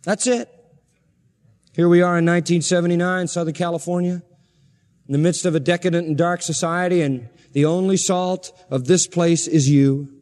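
A man's voice: on the high side, fairly even intonation, brisk, darkish tone, big-room sound. A man preaching a sermon as pastor in a church, emphatic and insistent with repeated phrases.

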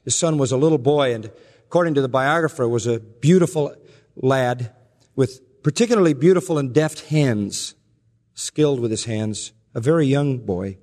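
A man preaching in a measured, earnest storytelling manner, easing into quieter, slower delivery for the moving moments. His voice sits at a middle pitch. The sound carries a long hall reverb. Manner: earnest storytelling, slows and softens for emotional quotes. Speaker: pastor. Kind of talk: sermon.

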